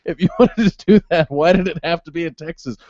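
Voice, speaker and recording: A man's voice: fairly high pitch, fairly quick, no echo, highs cut off. A man co-hosting a podcast in casual chat, rambling and laughing often. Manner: giggly, rambling, animated. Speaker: podcast co-host.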